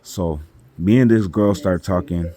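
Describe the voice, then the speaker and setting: Low-voiced rambling man over crowd chatter. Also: measured pace. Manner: rambling, heavy on fillers like "like" and "you know". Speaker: vlogger telling a personal story. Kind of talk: casual spoken storytelling. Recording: crowd chatter clearly audible behind.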